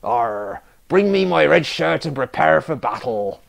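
A man voicing a gruff old male pirate captain in a playful sermon story, with a growling put-on pirate accent. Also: fairly high pitch, big pitch swings, measured pace, heavily acted.

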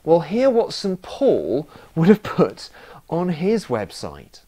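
A man's voice: a little high, huge pitch swings, takes it slowly, warm tone. A man preaching a sermon, telling stories with self-mocking humour.

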